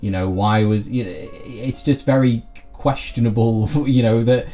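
A man talks through a film in a loose, rambling way, circling back and restarting his sentences. His voice sits at a mellow, darker tone. Faint music plays underneath. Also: medium pitch, moderate pace. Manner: rambling, many restarts and repeated words. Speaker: podcast co-host. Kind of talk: casual film review chat.

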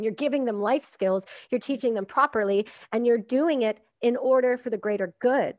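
A woman's voice: a little high, dry recording, highs cut off. Effusive woman podcast host. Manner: effusive, encouraging, frank. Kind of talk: casual podcast chat.

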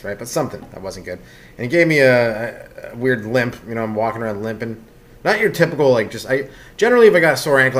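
A man's voice: mid-range voice, a bit bright. A man from Canada hosting a solo comedy podcast, rambling loosely from one aside to the next with lots of fillers.

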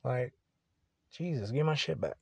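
A man's voice: mid-range voice, animated, measured pace, gravelly, breathy edge, no room sound. A young man hosting a solo podcast, talking casually in a rambling, profane, laid-back way. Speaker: podcast host.

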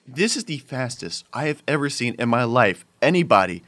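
A man telling a story in casual chat, animated and quick to laugh. He acts out each person in the story as he goes. His voice is bright and forceful at a mid pitch. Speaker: podcast host telling a story.

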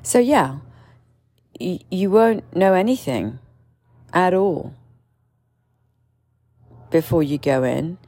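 On a dry recording, a woman with a dark, expressive voice tells a personal story slowly, with long pauses. This casual monologue is candid and meandering, full of fillers and restarts, and she mimics others with sudden shrill outbursts.

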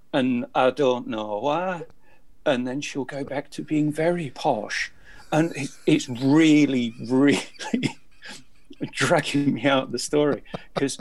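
A man from Britain co-hosting a podcast in casual chat, rambling and amused with many fillers. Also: medium pitch. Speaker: podcast co-host.

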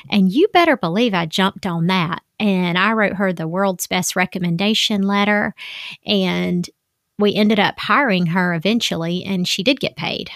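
A chatty woman in her thirties talks through advice in a relaxed monologue. She uses lots of "like" and acts out the dialogue. Her mid-pitched voice sounds dry and close. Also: moderate pace, vocal fry, no echo. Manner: chatty, acts out quoted dialogue, many "like" fillers. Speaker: parent giving advice. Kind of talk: casual monologue.

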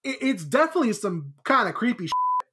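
Her medium-pitched voice is slightly rough and a little fast as she casually runs through a book chapter for a podcast she co-hosts. Animated throughout, she acts out what the characters say in quotes.

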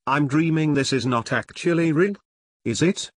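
Brief: man reading a lost, confused young guy in a spooky storybook, husky and unsure. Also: fairly high pitch, moderate pace, no room sound, clean studio sound, pitched above the performer's own voice, natural voice. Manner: hesitant, puzzled questions.

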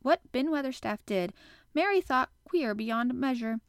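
A woman host narrating a classic novel chapter in an expressive, animated way. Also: high-pitched, measured pace, clear, resonant tone, no echo, clean studio sound. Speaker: podcast host and reader. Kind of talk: audiobook narration.

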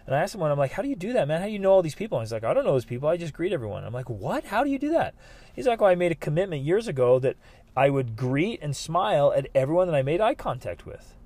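A man hosting a podcast, telling his own stories in an earnest, animated way with frequent restarts. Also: a little high, no room sound. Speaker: podcast host. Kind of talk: motivational podcast monologue.

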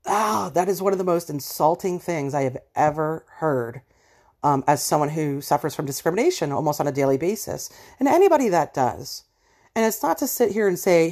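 A woman's voice: sits low, animated, fairly quick, darkish tone. A woman hosting a personal monologue episode, speaking bluntly and passionately and appealing directly to listeners. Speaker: podcast host.

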